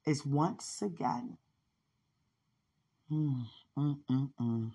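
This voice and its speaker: Husky low-voiced woman preaching and laughing. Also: expressive, unhurried. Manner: laughs often, exclaims and testifies with rising fervor. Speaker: podcast host. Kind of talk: spiritual podcast monologue.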